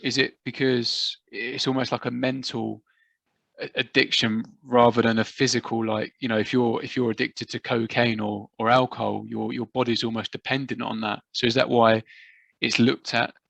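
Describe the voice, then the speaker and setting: A man hosting a podcast, asking casual, halting questions and repeating words as he thinks. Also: medium pitch, flat delivery, gravelly, fairly bright tone, no room sound. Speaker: podcast host.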